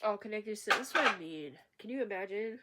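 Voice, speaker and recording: A woman's voice: mid-range voice, expressive, a little fast, heavy background noise. Rambling, agitated woman ranting. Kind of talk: unscripted rant to camera.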